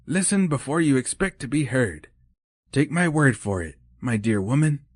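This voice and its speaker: A man voicing Mrs. Claus in an audiobook, a cheerful, encouraging older woman with a brisk manner. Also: medium pitch, very animated, a little mellow, no room sound, studio quality, voice pushed up. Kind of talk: audiobook character voice.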